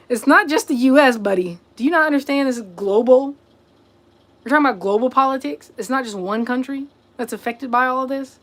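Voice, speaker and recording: A woman hosting a casual livestream, answering viewer comments and scolding rude ones. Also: high-pitched. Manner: sassy, confronting chat commenters directly; talks to viewers as y'all and buddy. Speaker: livestream host.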